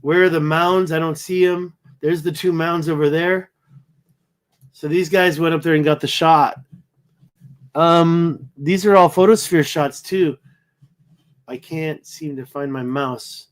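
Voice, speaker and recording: A man's voice: on the high side, fairly even intonation, unhurried. Tired man rambling while browsing photos. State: tired, yawning. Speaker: livestream host. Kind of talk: casual livestream commentary.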